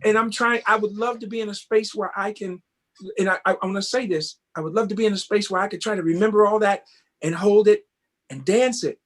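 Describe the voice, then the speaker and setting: Brief: man, fairly high voice, animated interview guest, casual storyteller. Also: fairly quick. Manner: animated, keeps asking "you know what I mean?". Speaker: guest, tap dancer.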